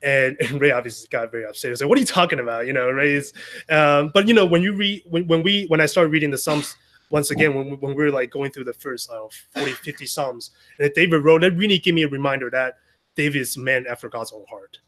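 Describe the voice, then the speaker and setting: A man's voice: a little high, fast, a bit bright. A man giving an informal Sunday message to a small gathering, talking in a conversational way with many restarts and asides. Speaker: speaker sharing a Sunday message. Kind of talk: informal sermon.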